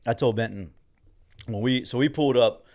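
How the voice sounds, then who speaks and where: A man's voice: medium pitch, normal speed, darkish tone. A middle-aged man, rambling through a story and quoting others as he co-hosts a casual chat show. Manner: rambling, quotes others in dialogue. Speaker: co-host.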